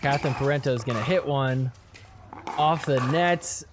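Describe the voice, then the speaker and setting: A man's voice: medium pitch, normal speed, background noise. A man hosting a podcast, giving casual commentary over match clips, laughing often and mock-quoting the players.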